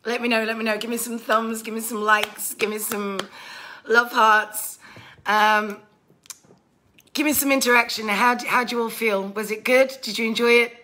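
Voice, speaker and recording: A woman's voice: fairly high pitch, fairly even intonation, moderate pace, bright, forceful tone, slight background noise. A woman hosting a casual live stream, gushing thanks to viewers with many fillers and growing emotional.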